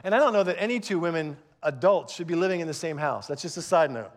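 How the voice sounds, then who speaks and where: A man's voice: a little high, lively intonation, fast talker. A man in his fifties, a pastor giving a conversational, earnest sermon with frequent restarts.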